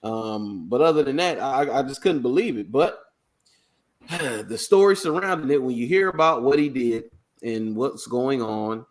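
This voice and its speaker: A man hosting a sports talk show with a lively, joking storytelling manner. His pitch jumps around as he spins out a story, then drops low on his asides. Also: a little slow. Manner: animated storytelling, jokey asides. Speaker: podcast host. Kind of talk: casual sports chat.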